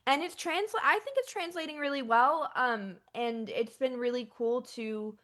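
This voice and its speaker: A young woman talking as a guest musician in a casual interview, chatty and full of filler words, emotional and effusive. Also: normal speed. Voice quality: chatty, lots of filler likes. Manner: effusive and emotional, pitch jumps up when excited.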